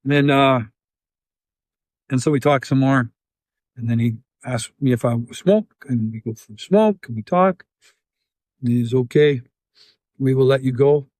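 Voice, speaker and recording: A Canadian man telling a story in an interview, acting out scenes with sound effects and halting restarts. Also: mid-range voice, no echo, studio quality. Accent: Canadian English. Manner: animated, acts out scenes with sound effects and quoted voices. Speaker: interview guest, volunteer.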